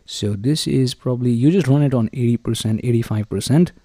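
A man hosting a podcast and testing microphones close up, with a showy manner that keeps addressing the ladies and gentlemen. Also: mid-range voice, fairly quick, no room sound. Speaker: podcast host. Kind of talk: casual microphone review talk. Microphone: handheld dynamic mic held close.

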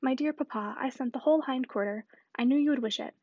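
A woman reading the part of a lively, self-assured young lady who speaks quickly and eagerly. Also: high voice, no echo, dull audio.

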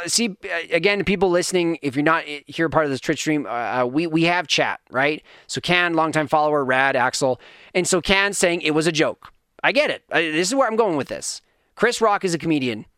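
A man in his thirties hosting a podcast, telling a story in an animated, rambling, self-deprecating way with frequent restarts. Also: a little high, smooth, no echo, studio quality. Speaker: podcast host. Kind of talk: casual storytelling rant on a live stream.

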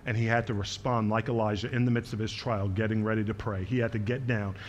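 A man's voice: fairly low pitch, level tone, fast, lo-fi sound, a little hiss or hum. A man preaching a sermon as pastor, speaking earnestly and directly to his congregation and quoting scripture with small verbal slips.

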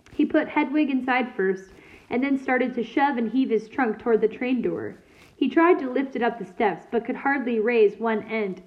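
Lady reading a chapter book out loud, steady and clear, kinda high voice, sounds like over the phone. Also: dull audio. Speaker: reader. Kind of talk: reading a novel aloud.

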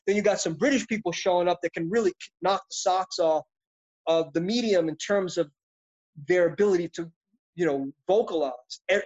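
A middle-aged man, an actor being interviewed, talking in an intense, passionate, reflective and rambling way. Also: high voice. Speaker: actor guest. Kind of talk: interview conversation. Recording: dull lo-fi audio.

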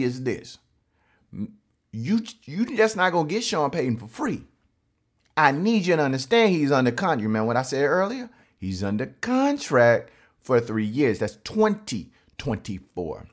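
Animated man ranting. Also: mid-range voice. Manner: animated, emphatic, repeats phrases. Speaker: sports fan commentator. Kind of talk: ranting fan commentary.

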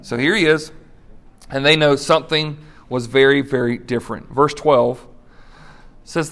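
A man's voice: medium pitch, fairly bright tone. A man preaching a sermon, telling stories with acted-out voices and brief laughs. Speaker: pastor.

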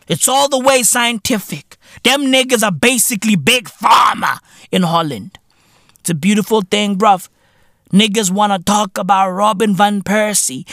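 A man hosting a podcast, delivering a profane, slang-heavy comedic rant that keeps bursting into shouts. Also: sits high, no room sound, studio quality. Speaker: podcast host.

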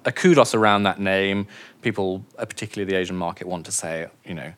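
A man's voice: deep voice, fast, a bit bright. A man, a wine auctioneer, chatting as an interview guest, joking and laughing often at himself. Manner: jokey, self-mocking, laughs often. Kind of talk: casual interview chat.

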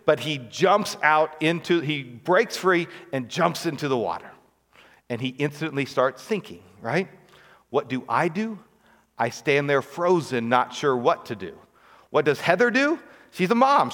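A man's voice: on the high side, a bit bright. A man preaching a sermon as pastor, talking conversationally with frequent rhetorical questions and asides. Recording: long reverb of a large hall.

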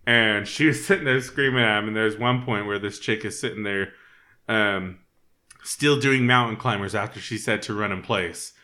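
Bright-voiced man swapping army stories. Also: lowish voice, normal speed. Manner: loose, swears, acts out screaming instructors. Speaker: former Army soldier, podcast co-host. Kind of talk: casual podcast chat.

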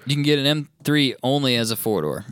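Brief: man, mid pitch, matter-of-fact skeptic co-host, dry recording. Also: animated, fairly quick, a bit bright, clear, resonant tone, dry recording. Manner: matter-of-fact, explains and objects. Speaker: podcast co-host. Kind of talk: casual chat.

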